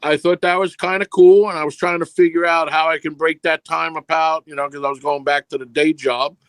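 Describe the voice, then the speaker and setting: A man's voice: fairly high pitch, flat delivery, brisk, a bit bright, dry recording. A middle-aged man, a film producer being interviewed, telling long rambling anecdotes and acting out the dialogue in them. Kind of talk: casual storytelling interview.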